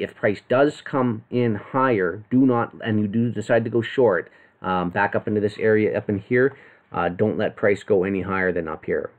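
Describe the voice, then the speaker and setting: A man's voice: deep voice, darkish tone. A man giving live market commentary to viewers in a loose, rambling way, full of fillers and restarts. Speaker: trading analyst.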